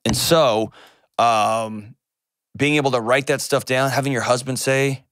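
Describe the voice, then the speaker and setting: A man's voice: medium pitch, fairly even intonation, a little slow, fairly bright tone, no echo, clean studio sound. A middle-aged man hosting a call-in advice show, speaking earnestly and emphatically, often repeating words for weight.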